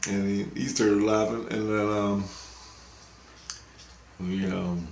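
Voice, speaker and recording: A man rambling through a personal story, acting out the voices in his tale with a lifted pitch. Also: level tone, slow, creaky, darkish tone, a little hiss or hum. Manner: acts out quoted dialogue with a raised voice; loose, meandering, with frequent restarts. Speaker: vlogger recounting dreams. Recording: roomy, echoey room.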